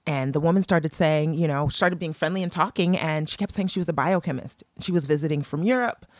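An entrepreneur guest tells a story in casual conversation, animatedly acting out the people she quotes in a higher voice. She speaks fairly quickly, and the studio-quality recording has no echo.

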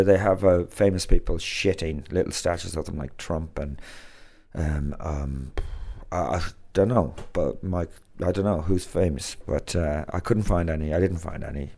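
A man talks casually as a podcast host. His voice sits very low. He rambles, circling back with fillers and restarts. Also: a little mellow.

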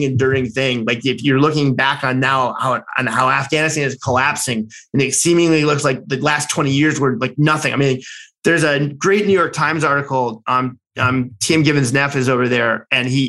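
A man from the United States, a military veteran, tells a personal war story in an animated, conversational way, blunt and casually swearing, with frequent restarts. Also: mid-range voice, poor audio. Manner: animated, excited storytelling with many restarts and fillers.

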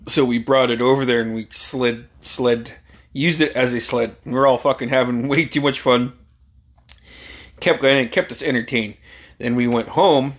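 A man in his forties from Alaska, telling a rambling, profane anecdote and chuckling often. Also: medium pitch. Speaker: storyteller.

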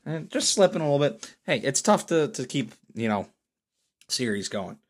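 A man hosting a casual solo podcast, hoarse from screaming, telling stories with lots of laughter. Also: mid-range voice, normal speed. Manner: animated storyteller, laughs often. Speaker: podcast host.

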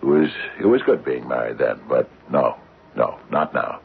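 An aging widower who built his business and now feels washed up. He stammers and repeats himself, and his voice is very deep, rough and husky. It comes through a narrow, phone-like old radio recording. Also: animated, heavily acted. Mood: weary. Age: older. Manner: stammering, halting, repeats words. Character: anxious aging widowed businessman, restless and lost. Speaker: father and retired company founder. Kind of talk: 1950s radio drama acting.

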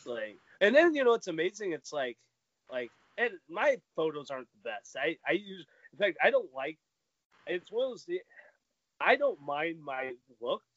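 A man telling dating stories in a casual chat, laughing often and acting out quotes in a higher voice. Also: sing-song, normal speed, fairly bright tone, dry recording. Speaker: podcast guest. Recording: dull lo-fi sound.

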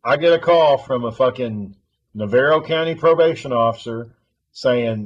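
Husky man telling a story. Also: medium pitch, normal speed, lo-fi sound. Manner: profane, rambling storyteller. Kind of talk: casual chat.

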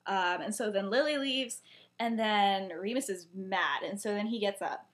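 A woman's voice: medium pitch, moderate pace, a bit bright. A young woman co-hosting a podcast, casually retelling a story with many fillers and acting out the quoted lines. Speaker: podcast co-host.

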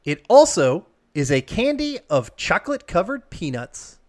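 Quiz host, playful, jokey, animated pitch, mid voice. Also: normal speed. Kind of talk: upbeat quiz hosting.

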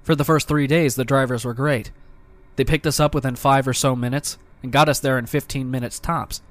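A man giving scripted narration of reader stories in an even, measured delivery. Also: medium pitch, no echo.

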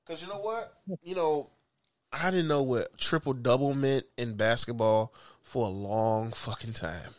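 A man hosting a casual chat, joking and cursing, swinging from loud to soft. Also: medium pitch, unhurried, no echo, clean studio sound. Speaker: podcast host.

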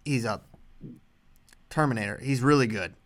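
A man co-hosting a podcast, chatting casually about wrestling picks with quick, animated banter. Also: mid-range voice. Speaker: podcast co-host. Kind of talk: casual sports chat.

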